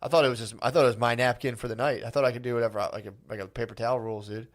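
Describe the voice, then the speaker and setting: A man's voice: medium pitch, steady tone, racing. A man co-hosting a comedy podcast who talks in a laid-back, profane way and keeps saying "dude.". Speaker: podcast co-host. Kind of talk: casual comedic chat.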